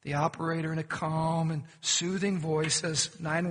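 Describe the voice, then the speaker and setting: A man's voice: fairly high pitch, little pitch movement, normal speed, hardly any pauses, fairly bright tone, in a large hall. A pastor preaching a sermon, questioning his congregation and telling folksy jokes. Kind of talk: sermon with humorous stories. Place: church sanctuary.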